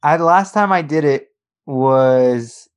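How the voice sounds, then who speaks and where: A man co-hosting a podcast, talking in animated, laughing banter. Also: fairly high pitch, slow, smooth. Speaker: podcast co-host. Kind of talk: casual chat.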